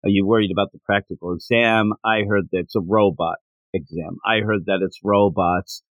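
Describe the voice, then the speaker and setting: A man's voice: on the low side, steady tone, normal speed, dry recording, phone-quality sound, pitched below the performer's own voice, close to an everyday voice. A man retelling a comic scene as a friendly, easygoing teenage girl classmate.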